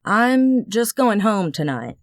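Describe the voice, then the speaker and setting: A woman voicing a man, a patient but irritated cop boyfriend, in an audiobook; clipped and gently scolding. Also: medium pitch, big pitch swings, takes it slowly, no room sound, clean studio sound. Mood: tired. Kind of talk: audiobook character voice.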